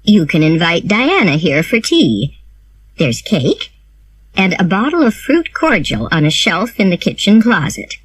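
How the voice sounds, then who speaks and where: A woman's voice: on the low side, big pitch swings, measured pace, a little hiss or hum. A woman reading a storybook aloud and voicing a stern, practical older woman guardian with a firm, matter-of-fact manner.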